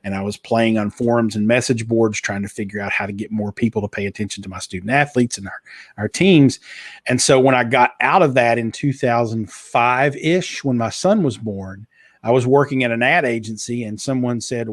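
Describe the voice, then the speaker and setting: Middle-aged male guest, slight Kentucky twang, polished radio-trained delivery, mid pitch, dry close sound. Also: moderate pace, no echo. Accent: slight Eastern Kentucky twang. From Eastern Kentucky. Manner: fluent, polished broadcaster delivery with frequent restarts. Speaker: guest, author and former radio DJ. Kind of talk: casual interview conversation.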